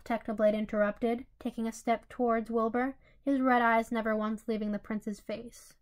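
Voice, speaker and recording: A woman narrating a fanfiction story in an even way, with small slips and restarts. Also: on the high side, moderate pace, few pauses. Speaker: story reader.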